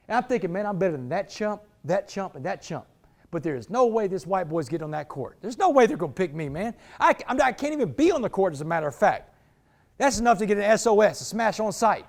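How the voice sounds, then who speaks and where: A man with a high-pitched voice delivers a motivational talk to a football team. He tells his story in an animated, streetwise manner, often calling the listeners "man" and "y'all.". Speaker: motivational speaker. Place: indoors, speaking to a football team.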